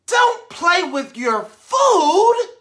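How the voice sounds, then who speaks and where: An exasperated storybook mother shouts at her little boy, her voice pushed high and emphatic, as a woman reading aloud puts her on. The scolding comes in sharp, loud bursts. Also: sing-song, drawn-out words, heavily acted. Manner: yelling, emphatic.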